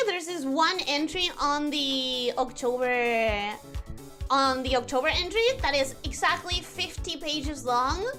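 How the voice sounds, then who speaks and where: A young adult woman streaming a game, chatting casually with her chat, excitable, laughing often and repeating herself. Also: high-pitched. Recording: music playing in the background.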